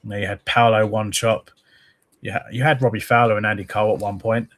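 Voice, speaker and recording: A man's voice: fairly low pitch, fairly even intonation, quick pace, a bit bright. A man hosting a casual live football fan stream, rambling and reading viewer comments aloud. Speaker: host of a football fan channel.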